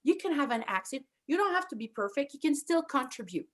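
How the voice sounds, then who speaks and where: A woman with a thick French accent, co-hosting a casual chat and telling animated, self-deprecating stories. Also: high-pitched, a little fast. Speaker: podcast co-host.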